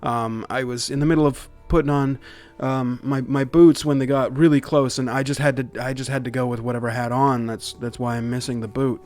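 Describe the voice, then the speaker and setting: A man's voice: mid-range voice, fairly even intonation, brisk, hardly any pauses, a little mellow, faint music behind, lightly acted. A man voicing a frightened, stammering old man in his sixties who has been running for his life. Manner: breathless, pleading, stammering. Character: frightened older man in his sixties, one boot, wheezing.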